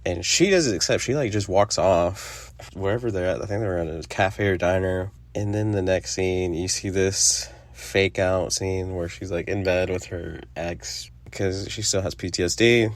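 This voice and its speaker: A man's voice: sits low, moderate pace, hardly any pauses, no echo. Profane young man reviewing a film. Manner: rambling, profane, laughs often. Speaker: podcast host. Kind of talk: casual movie review.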